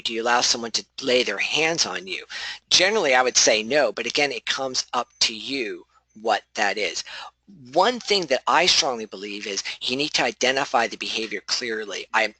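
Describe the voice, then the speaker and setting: A man giving a casual spoken training on defusing hostile behavior, conversational and self-correcting with animated asides. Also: medium pitch, no room sound, low-quality recording. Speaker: de-escalation trainer.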